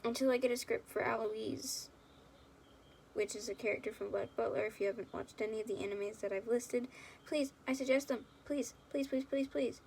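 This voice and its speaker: A woman's voice: on the high side, steady tone, a little fast, creaky, a little mellow, a little hiss or hum. A young woman rambling and giggling affectionately as she chats casually to her viewers at home. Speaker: fan video creator.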